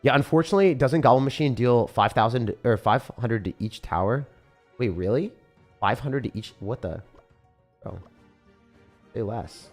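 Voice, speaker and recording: A young man giving casual, excitable gameplay commentary, often breaking into disbelief and calling the listener dude or bro. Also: mid-range voice, moderate pace, long pauses, faint music behind. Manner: excitable, frequent disbelief outbursts, calls viewers dude and bro. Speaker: gaming creator.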